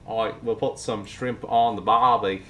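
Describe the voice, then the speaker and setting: A man's voice: on the low side, steady tone, normal speed, a bit bright, slight background noise, lightly acted. A man voicing a cheery stereotypical Australian bloke in a jokey, exaggerated mock Australian accent.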